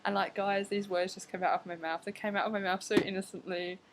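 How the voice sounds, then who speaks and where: A woman's voice: medium pitch, little pitch movement, fast, noisy background. A young woman chatting to camera at home, telling stories with lots of fillers and acted-out reactions. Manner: chatty, frequent fillers, acts out her reactions. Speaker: vlogger. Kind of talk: casual storytelling to camera. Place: at home, indoors.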